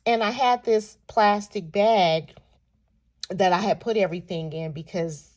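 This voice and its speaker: A woman vlogger from California telling a personal story in an animated, chatty way. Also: medium pitch, unhurried. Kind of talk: storytelling vlog.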